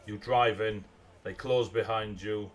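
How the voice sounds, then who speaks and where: Low-voiced man narrating a game. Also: fairly even intonation, a little slow. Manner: rambling with many ums and uhs, chuckling. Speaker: game master. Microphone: video call mic.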